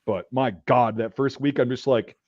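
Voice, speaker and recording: A man hosting a casual talk, telling a profane story and acting out drill sergeants' shouts. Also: medium pitch, fairly even intonation, moderate pace, no room sound, highs cut off. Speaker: podcast host.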